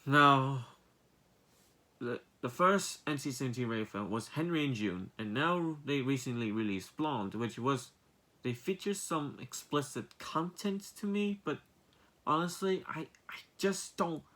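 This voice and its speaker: A man's voice: mid-range voice, lively intonation, normal speed, bright, forceful tone. A young man giving a casual movie review vlog, rambling, repeating himself, and piling up exasperated rhetorical questions.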